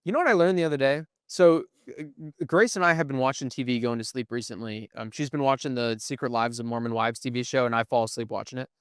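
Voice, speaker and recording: A man's voice: medium pitch, fast, few pauses, fairly bright tone, clean tone, dry recording, studio quality. A young man co-hosting a podcast, explaining things at length in casual chat and often asking "right?". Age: young adult. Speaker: podcast co-host. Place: museum.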